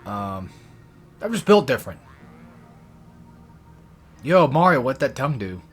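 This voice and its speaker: A young man talks over his gameplay in a loose, rambling way. He rants and swears freely, drifting between complaints and the game in front of him. His voice sits at an ordinary middle pitch. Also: big pitch swings, a little slow, husky, soft background music. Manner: profane, ranting, frequent swearing. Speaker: let's play gamer.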